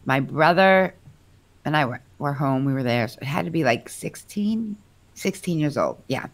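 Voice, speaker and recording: A woman guest telling her own story in a live chat, rambling and correcting herself, lively when she quotes others. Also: low-pitched, moderate pace.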